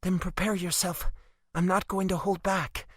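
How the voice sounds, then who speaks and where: A man voicing a young female werewolf princess who speaks softly, gentle but quietly determined. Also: high-pitched, flat delivery, normal speed, dry recording, studio quality, pitched above the performer's own voice.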